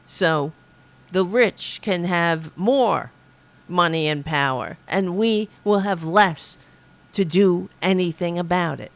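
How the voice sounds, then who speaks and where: Slow, sarcastic woman host. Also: lowish voice. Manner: sarcastic, mocking. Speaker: podcast host. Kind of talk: political commentary.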